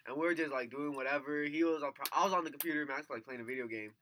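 A man with a high, very bright voice rambles through a story, filling it with "like" and checking in with "right?" His tone stays chatty and informal. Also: very fast, slight background noise. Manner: rambling, retells events with "like" and "right?". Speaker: podcast co-host. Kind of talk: casual storytelling chat.

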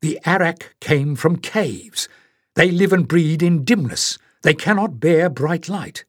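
A man's voice: fairly high pitch, slow, fairly bright tone, no room sound, clean studio sound, pitched above the performer's own voice. A man reading an audiobook voices an earnest, brave young male hero with an urgent, raised voice. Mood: thoughtful.

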